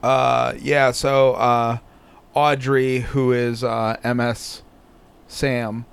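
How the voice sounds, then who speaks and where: A man hosts a podcast in loose, casual talk. He swears nonstop and lays on the sarcasm. His voice sits at an everyday middle pitch. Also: flat delivery, very slow, vocal fry, slight background noise. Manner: crude, swears constantly, sarcastic. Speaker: podcast host. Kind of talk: casual profane commentary.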